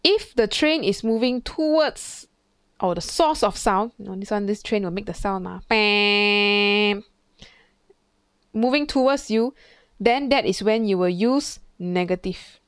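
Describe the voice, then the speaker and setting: A woman's voice: on the high side, lively intonation, normal speed, clean tone, no echo, studio quality. A woman physics tutor, talking through an exam question in a chatty way, thinking aloud and imitating sounds. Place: classroom.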